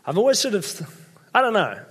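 A young man with an Australian accent preaches in a relaxed, conversational way, mixing funny family stories with scripture. His voice sits a little higher than most men's, and he talks to the congregation like friends. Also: normal speed, slightly rough. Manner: chatty, self-deprecating storyteller. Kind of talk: casual sermon with personal stories. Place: church hall with congregation.

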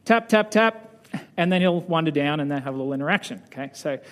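A male preacher telling a story to a congregation in an easygoing way. He pauses often with filler sounds and speaks in a fairly high voice. Slow parts trail into softer asides. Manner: relaxed, hesitant storyteller with many fillers. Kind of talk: sermon storytelling.

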